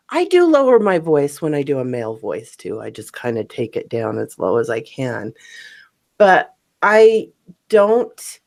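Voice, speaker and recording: Low slow-talking woman narrator. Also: a little mellow. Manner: slow, rambling, laughs often. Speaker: narrator and stream host. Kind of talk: casual chat.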